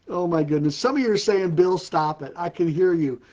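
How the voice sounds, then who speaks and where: An older man with a slightly high, darkish voice hosts a relaxed ministry live stream, cracking puns and laughing at his own jokes again and again. The audio, captured on a live-stream setup, sounds lo-fi.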